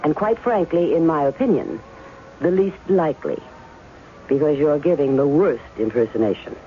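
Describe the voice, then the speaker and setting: A woman's voice: low voice, animated, moderate pace, slight background noise. An actress playing a cool, skeptical estranged wife in an old radio drama, cutting and probing as she questions a man. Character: sharp, skeptical woman guarding her heart. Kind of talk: 1970s radio drama acting. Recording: tinny narrow-band old radio with music.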